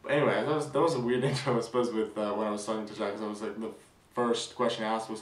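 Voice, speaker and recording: A young man vlogging a casual weekend recap, rambling with fillers and restarts, excited. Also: lowish voice, rapid-fire, reverberant, recorded from a distance, rough recording.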